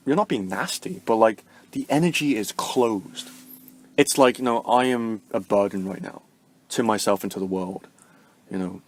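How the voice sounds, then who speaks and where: A man's voice: fairly low pitch, normal speed. A man vlogging casually about spiritual self-help, rambling and full of fillers. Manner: rambling, full of "like" and "you know".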